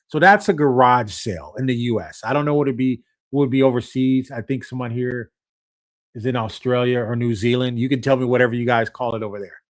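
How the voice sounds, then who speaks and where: Man, live-stream host, mid pitch, loose and chatty, repeats himself and checks in with his audience often. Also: a little fast. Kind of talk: casual live-stream talk to viewers.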